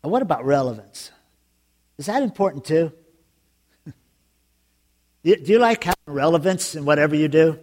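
A man preaching a sermon as pastor, telling jokes and stories in an animated way. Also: on the high side, normal speed, pauses often. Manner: joking, animated storytelling with laughs.

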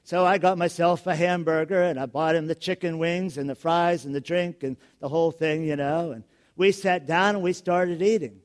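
A middle-aged male pastor giving a sermon, telling stories with frequent chuckles and building to loud, emphatic questions. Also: fairly high pitch, fairly even intonation, normal speed.

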